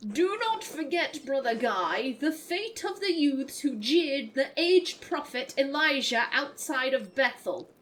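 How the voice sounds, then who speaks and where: A woman voicing an elderly male monk who is touchy and solemn, reading his lines slowly and deliberately. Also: sits high, sing-song, a bit bright, a little hiss or hum, full character voice. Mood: indignant.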